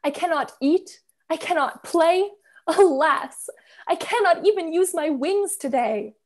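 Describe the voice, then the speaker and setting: A sulky little bird, grumpy and overdramatic, voiced by a woman who lifts her voice above her usual tone. He declaims his woes in slow, stately verse meter, as in a storybook play read aloud over a video call. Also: very high voice, animated, slight background noise, pitched above the performer's own voice. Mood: grumpy, lamenting.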